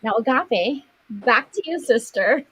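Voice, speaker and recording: A middle-aged woman from the Philippines, telling a personal childhood story in an animated way and acting out the quotes. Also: on the high side, a little slow, husky, dry recording, poor audio. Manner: animated, acts out quotes, laughs. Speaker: guest sharing a life story.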